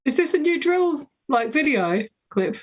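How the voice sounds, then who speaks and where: A woman on a comedy panel, guessing answers slowly and hesitantly. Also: high voice, sing-song.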